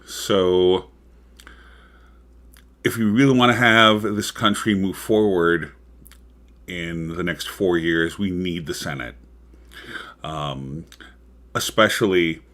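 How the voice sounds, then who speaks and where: A man's voice: sits low, a bit bright. A man hosting his own livestream talk show, chatting casually about politics with frequent ums and rambling asides.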